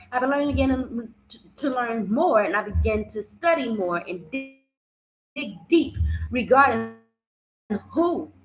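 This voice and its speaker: A woman's voice: a little high, a bit bright, poor audio. A woman telling a personal story in a casual vlog, swearing freely and often repeating herself. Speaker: vlogger.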